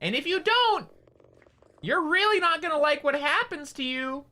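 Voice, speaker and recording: Brief: man putting on a squeaky, overly courteous young crook, threat under the manners. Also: lively intonation, moderate pace, pushed and bright, exaggerated voice. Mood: mock polite. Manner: mock-courteous threat in a funny voice. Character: menacingly polite young male criminal.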